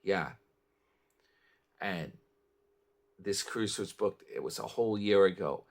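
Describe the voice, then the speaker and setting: A man's voice: deep voice, takes it slowly. A man from New York chatting casually in a meandering morning vlog, trailing off and restarting. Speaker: vlogger. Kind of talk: casual rambling morning chat.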